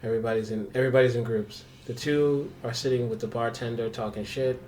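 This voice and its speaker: A man playing a tabletop game, laid-back and casual, swearing freely and thinking out loud with fillers. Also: medium pitch, fairly even intonation, fast, a little hiss or hum. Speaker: player.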